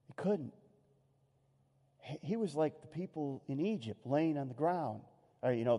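A man preaching a sermon as pastor, animated, acting out quoted voices and dropping soft and low at solemn moments. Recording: long hall reverb.

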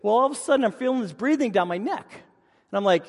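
A pastor with a high voice preaches quickly from the pulpit, an animated storyteller sharing funny, self-deprecating stories about himself in a sermon. His voice rings out with long reverb, as in a church sanctuary.

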